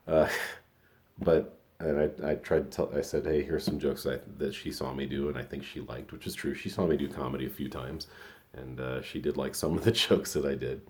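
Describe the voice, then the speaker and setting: A man's voice: a bass voice, fairly even intonation, normal speed, darkish tone. A man in his fifties telling a personal story in a rambling, reflective way, with many restarts. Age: 50s. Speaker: podcast host and comedian.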